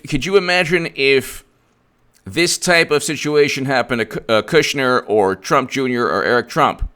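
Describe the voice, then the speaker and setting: A man giving solo political commentary, animated, acting out little scenes and restarting mid-sentence. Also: medium pitch, clean tone.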